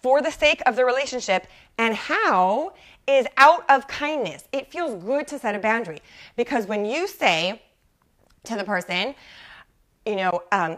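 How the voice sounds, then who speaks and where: A woman's voice: on the high side, animated, a little slow, a bit bright. A woman hosting a live coaching talk for mothers, chatty, often asking "right?" and greeting viewers by name. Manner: chatty, keeps asking "right?" and uses lots of "like". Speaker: mom life coach hosting a live show.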